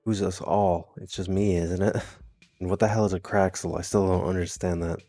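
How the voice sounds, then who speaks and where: A man's voice: sits low, little pitch movement, moderate pace, mellow, faint music behind. A man reading a text adventure game aloud, adding wry, amused comments of his own. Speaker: gamer.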